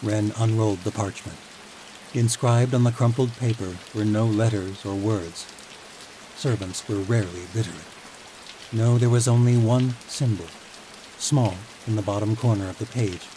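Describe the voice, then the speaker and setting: A man with a fairly low voice reads a fantasy audiobook calmly and evenly. Steady rain is clearly audible behind his narration. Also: moderate pace, background noise.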